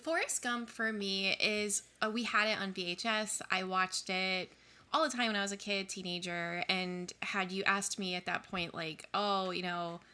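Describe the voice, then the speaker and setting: A woman in her thirties co-hosting a podcast, chatting in a relaxed, reflective way with plenty of fillers. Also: medium pitch, normal speed. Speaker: podcast co-host. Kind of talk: casual chat.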